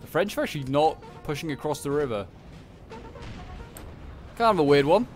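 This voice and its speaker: A man's voice: fairly high pitch, lively intonation, moderate pace, faint music behind. A man casually commenting on a strategy game battle, rambling with lots of fillers. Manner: chatty and rambling, many fillers like "like" and "uh". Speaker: gameplay commentator.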